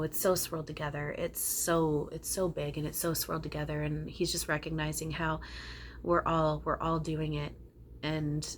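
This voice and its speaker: A low-voiced woman who works as a spiritual channeler talks casually to her viewers, with slight background noise in the recording. Her spiritual talk is rambling and earnest, with some casual swearing.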